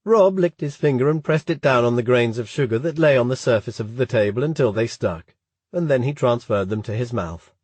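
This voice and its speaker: Man, audiobook narration, husky voice, steady, dry close mic. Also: mid-range voice, a little fast, no room sound. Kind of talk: scripted narration.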